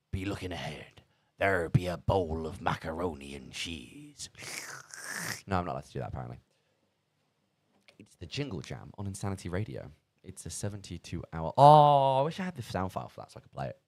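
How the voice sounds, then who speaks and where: A man hosting a charity radio stream, chatting casually with a lively, bouncing voice. He rambles and pokes fun at himself, heard close and dry on a studio microphone. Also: low-pitched, dry recording. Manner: rambling, self-mocking, lots of fillers. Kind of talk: casual live radio chat.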